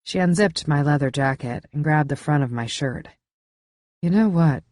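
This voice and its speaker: Low-voiced woman reading an audiobook. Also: moderate pace, darkish tone, dry recording, clean studio sound. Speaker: audiobook narrator. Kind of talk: first-person thriller narration.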